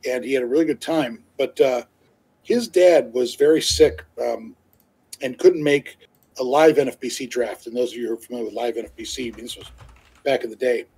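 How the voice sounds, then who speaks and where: Husky guy rambling thru a story on a live stream, tons of uhs and restarts. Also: medium pitch, fairly quick, a little mellow, low-quality recording. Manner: laughs easily while talking. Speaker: co-host. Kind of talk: casual chat on a live stream.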